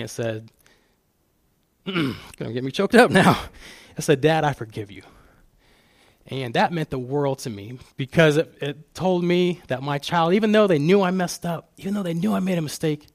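A man's voice: a little high, dry recording. A middle-aged man speaking as a guest speaker at church, telling personal stories with frequent restarts. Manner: personal storytelling with many restarts. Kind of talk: church talk on fatherhood.

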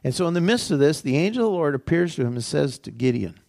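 A man's voice: fairly high pitch, big pitch swings, fast talker, gravelly, darkish tone. A male pastor giving a sermon in a conversational way, repeating phrases and asking the congregation rhetorical questions. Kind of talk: sermon teaching.

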